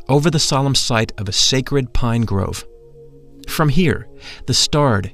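A man reading a first-person story aloud in a measured, reverent way. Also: medium pitch, a bit bright. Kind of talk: scripted narration. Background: faint music.

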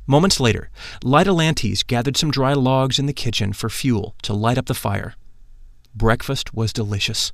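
A man narrating a spiritual memoir in the first person, measured and solemn. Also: mid-range voice, vocal fry, dry recording, clean studio sound. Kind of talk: audiobook narration.

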